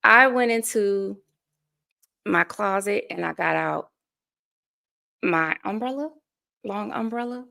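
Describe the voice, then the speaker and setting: Woman in her 40s, coach on an interview, super gravelly fry voice, tells stories earnestly. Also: medium pitch, fairly bright tone. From United States. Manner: earnest, storytelling, laughs between thoughts. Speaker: life coach, guest. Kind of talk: casual interview conversation.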